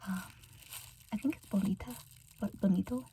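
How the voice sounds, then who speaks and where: Woman rambling in soft whispered role-play. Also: mid-range voice, normal speed, slight background noise. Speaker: ASMR channel host. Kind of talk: casual rambling ASMR chat.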